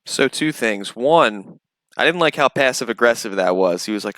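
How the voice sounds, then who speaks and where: A man's voice: medium pitch, lively intonation, moderate pace, a bit bright, no room sound. Sarcastic male commentary narrator. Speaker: commentary channel host. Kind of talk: commentary voice-over.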